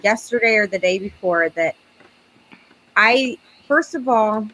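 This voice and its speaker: A woman's voice: medium pitch, lively intonation, measured pace, pushed and bright, low-quality recording. A woman guest on a live-stream chat, telling stories and acting out what others said. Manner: chatty storytelling, acting out quotes. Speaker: paranormal investigator guest.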